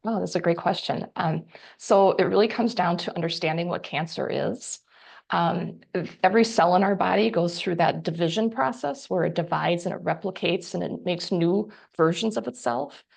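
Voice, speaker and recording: Gravelly-voiced woman explaining dental care. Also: lowish voice, normal speed, a little mellow. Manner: patient, methodical explaining with frequent ums. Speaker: dental care expert guest. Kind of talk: explanatory talk.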